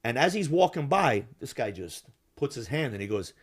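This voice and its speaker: Man host, swearing storyteller, lively delivery, casual podcast chat. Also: medium pitch, moderate pace. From Yugoslav family roots. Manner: profane, animated storyteller acting out bar scenes.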